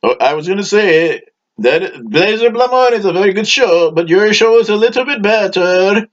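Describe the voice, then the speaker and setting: A man voicing an excitable male audience member who gushes in a high sing-song voice. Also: moderate pace. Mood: gushing. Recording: dull lo-fi audio, faint hiss.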